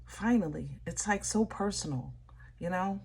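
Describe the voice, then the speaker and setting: A woman reading tarot cards for viewers, talking in a slow, soft, preachy way. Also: medium pitch, gravelly, breathy edge. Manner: emotional, exclaiming, with laughter and repeats. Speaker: tarot reader.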